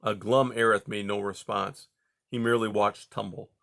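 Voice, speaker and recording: A man narrating a children's novel in a steady, measured reading style. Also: lowish voice, vocal fry. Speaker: audiobook reader. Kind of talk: storybook narration.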